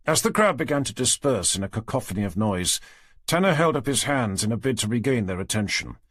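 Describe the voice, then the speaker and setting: Husky man narrating an audiobook. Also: very animated, a bit bright, no echo, clean studio sound. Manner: measured, low-key storytelling. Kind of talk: scripted narration.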